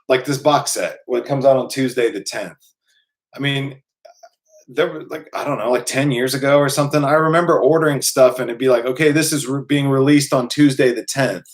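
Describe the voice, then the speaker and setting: A man's voice: mid-range voice, normal speed. A man hosting his own live stream, chatting casually and reading out viewer comments in a rambling way, with many fillers and restarts. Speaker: channel host.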